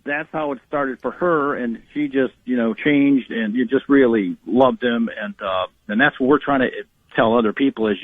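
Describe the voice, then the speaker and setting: Husky man on a phone line. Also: mid-range voice, normal speed, no room sound. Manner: earnest storyteller, many restarts and acted quotes. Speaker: author and guest. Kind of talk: radio interview storytelling. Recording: dry phone-line sound.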